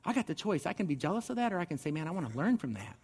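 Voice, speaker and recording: A man's voice: a little high, big pitch swings, rapid-fire, a little mellow, husky, big-room sound. A man giving a sermon as pastor, conversational and earnest, often restarting his words. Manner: conversational preaching with repeated restarts.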